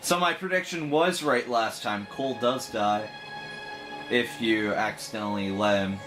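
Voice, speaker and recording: A man's voice: lowish voice, measured pace, poor audio. A man hosting a gaming channel, giving casual, joking commentary in an offhand way while he plays. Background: game music.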